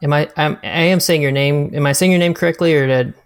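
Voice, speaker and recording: A man's voice: fairly high pitch, quick pace, gravelly, clean tone, no echo, studio quality. Podcast host man, casual and hesitant. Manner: relaxed, hesitant with fillers. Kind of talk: casual interview chat.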